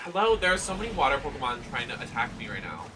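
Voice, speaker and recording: A man from Boston with a Boston accent, chatting casually while streaming a game, greeting viewers and breaking into loud excited exclamations. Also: mid-range voice, fast, background noise.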